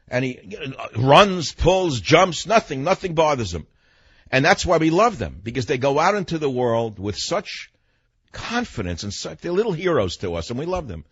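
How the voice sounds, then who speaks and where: A man's voice: medium pitch, husky, no room sound, dull audio. An older man from New York hosting a radio talk show, telling a story in a blunt, emphatic monologue.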